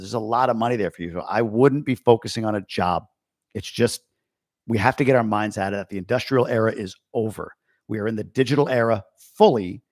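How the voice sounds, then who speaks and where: A man from Long Island, USA, talks through a casual live-stream, reading viewer comments aloud and firing back blunt, opinionated answers. His voice sits at a middling pitch. The recording is dry, with no room sound. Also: dry recording. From Long Island, New York, USA. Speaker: host answering viewer questions.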